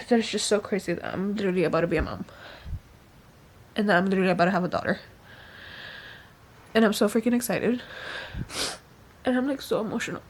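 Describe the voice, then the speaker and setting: A young woman vlogging casually about her pregnancy, chatty and excitable, full of fillers. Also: mid-range voice, a little fast, long pauses, breathy edge.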